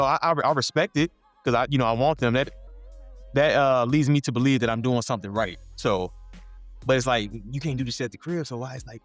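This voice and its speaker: A man's voice: medium pitch, no room sound. A man co-hosting a casual podcast chat, venting bluntly about parenting and swearing freely. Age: adult father. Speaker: podcast co-host.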